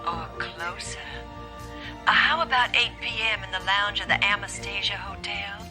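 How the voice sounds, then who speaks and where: A sultry, scheming widow, played by a woman purrs her lines slowly and softly. Music plays clearly behind her in the scene. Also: medium pitch, lightly acted. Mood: seductive. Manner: breathy, seductive, slow.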